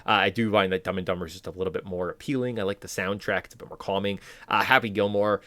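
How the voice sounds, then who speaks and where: Male podcast co-host, low dry voice, rambling enthusiastic chat with fillers. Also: fairly even intonation, fast talker, sharp tone, no room sound.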